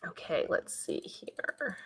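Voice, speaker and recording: A woman hosting her channel, chatting casually and reading out viewer comments in a lively, talkative way. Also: slow. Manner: chatty, animated, many fillers. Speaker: channel host.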